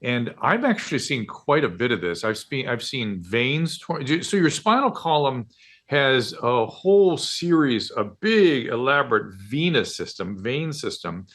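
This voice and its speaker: Man, middle-aged, doctor, podcast co-host, measured clinical explanations, medium pitch. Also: very animated, fairly bright tone. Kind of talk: explanatory casual chat.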